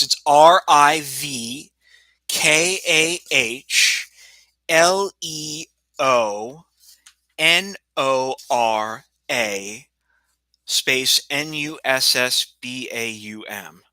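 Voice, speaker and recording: A man's voice: mid-range voice, extremely slow, pushed and bright, no echo, rough recording. A man talking to a livestream audience in an agitated, rambling way, repeating himself and sometimes dropping almost to a whisper. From United States. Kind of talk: rambling livestream monologue and phone call.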